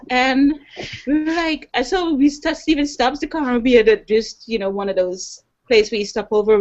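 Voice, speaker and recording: A woman guest on a panel, telling a story in a casual, animated way. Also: high-pitched, fairly quick. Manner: animated, acts out quoted voices. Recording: dull online video call audio.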